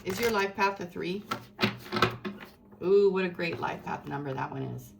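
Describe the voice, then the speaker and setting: A woman's voice: on the low side, normal speed, gravelly, heavy background noise. A woman giving a tarot reading to her viewers in an effusive, rambling, spiritual way. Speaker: tarot reader.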